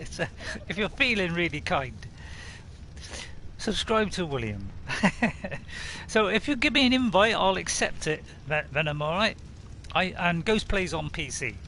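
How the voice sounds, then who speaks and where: A man's voice: sits high, big pitch swings, unhurried, pauses often, bright, forceful tone, a little hiss or hum. A man from Bristol with a West Country accent, chatting casually with viewers on a game live stream and reading out their messages. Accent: West Country English. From Bristol, England. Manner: chatty, chuckling, reads viewer messages aloud.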